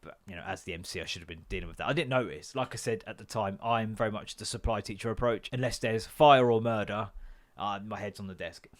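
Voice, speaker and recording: A man's voice: fairly low pitch, fast talker. A man hosting a podcast, chatting casually and swearily, joking and acting out quotes in other voices. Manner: sweary, jokey, acts out quotes. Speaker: podcast host and comedian. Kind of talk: casual rambling chat.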